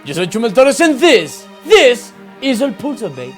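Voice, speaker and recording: A man's voice: very high voice, huge pitch swings, moderate pace, over music. A man hosting a satirical comedy news show, delivering mocking, sarcastic punchlines. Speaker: host.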